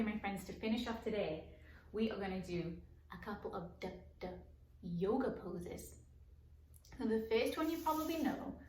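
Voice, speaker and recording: A woman teaching a children's circle-time lesson, speaking in a slow sing-song voice and stretching out letter sounds. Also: medium pitch, slight background noise. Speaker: preschool teacher. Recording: echoey room, voice from far off.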